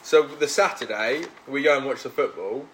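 A man's voice: medium pitch, normal speed, crowd noise. A man hosting a casual podcast chat with his mates, telling a story and acting out what people said. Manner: chatty storyteller, acts out quotes. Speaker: podcast host.

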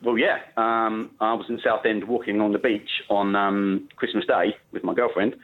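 Husky-voiced male caller on a muffled line. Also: on the low side, steady tone, normal speed. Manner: chatty, explanatory, many fillers. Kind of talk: phone-in call.

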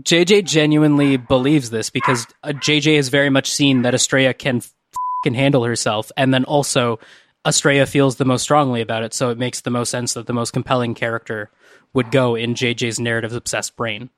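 A man chatting as a player in a tabletop role-play game, with halting restarts and incredulous questions. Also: mid-range voice, steady tone, no room sound. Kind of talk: casual role-play chat.

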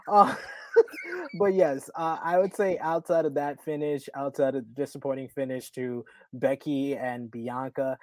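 A man in his thirties hosting a casual wrestling podcast, rambling with lots of fillers and loud laughs. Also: on the high side, no echo. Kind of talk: casual chat.

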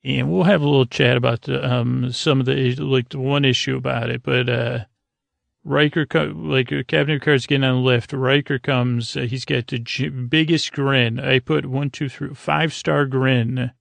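A man hosting a podcast, casually recapping a TV episode in a halting way, full of fillers and restarts. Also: medium pitch, fairly even intonation, gravelly, dry recording.

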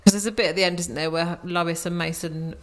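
A woman's voice: fairly low pitch, steady tone, brisk. A woman co-hosting a casual film review podcast, asking puzzled questions about the plot. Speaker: podcast co-host.

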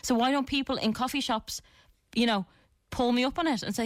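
A woman's voice: on the high side, a little fast, dry recording. Laughing Irish female radio co-host. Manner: laughing, self-mocking storyteller. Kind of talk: casual radio banter.

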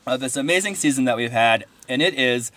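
A man's voice: medium pitch, fairly quick, dry recording. A man hosting a casual film podcast with his friends, talking enthusiastically about movies. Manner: enthusiastic, animated. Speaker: podcast host.

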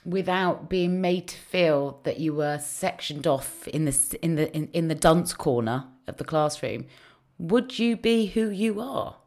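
Low-voiced woman hosting an interview. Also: animated, unhurried, darkish tone. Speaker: podcast host. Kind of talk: casual interview chat.

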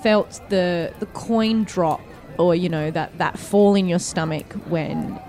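A woman running a tabletop roleplaying game, relaxed and laughing often. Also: fairly low pitch, slow. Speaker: game master.

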